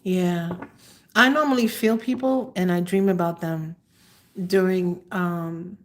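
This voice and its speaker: A woman in her fifties hosting a live tarot stream, talking slowly and haltingly with many fillers, sometimes emotional. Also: fairly low pitch, steady tone. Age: 50s. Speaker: tarot reader hosting a livestream. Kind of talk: live-stream chat answering viewers.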